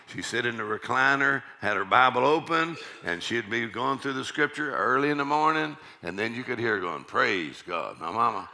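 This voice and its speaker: A man with a deep voice preaching a sermon, repeating his key lines and calling out "amen" to the congregation. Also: pushed and bright.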